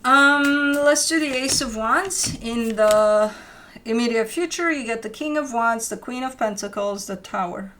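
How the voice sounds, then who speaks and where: A woman's voice: on the high side, unhurried, sharp tone, a little hiss or hum. A young woman giving a casual tarot reading, talking loosely with many fillers and restarts. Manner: rambling, conversational, lots of fillers and restarts. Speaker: tarot reader.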